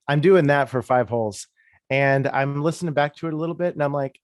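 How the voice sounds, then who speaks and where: A man in his thirties, a disc golf commentator, telling stories in a relaxed, rambling, self-deprecating way during a casual interview. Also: mid-range voice, normal speed, no room sound, clean studio sound. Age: 30s.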